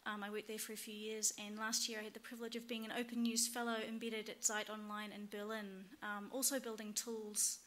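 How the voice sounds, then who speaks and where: A woman in her thirties with a New Zealand accent, giving a conference workshop talk and pausing often with "um". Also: mid-range voice, level tone, fairly bright tone. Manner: hesitant, many ums. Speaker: workshop instructor. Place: conference room.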